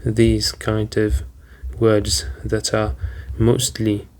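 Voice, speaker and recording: Slow, flat-voiced male teacher. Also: on the low side. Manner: slow, deliberate, with frequent "um" fillers. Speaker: English teacher. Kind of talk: vocabulary lesson.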